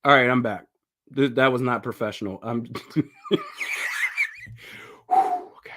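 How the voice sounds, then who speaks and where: A man's voice: mid-range voice, steady tone, moderate pace, background noise. A man hosting a casual livestream, reacting with incredulous exclamations and bursts of laughter. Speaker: livestream host.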